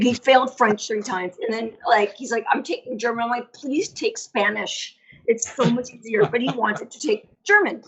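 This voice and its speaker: In dull lo-fi audio, a female podcast guest chats through stories in a casual interview, leaning heavily on "like" and restarting her sentences. Her voice is medium-pitched and a bit bright.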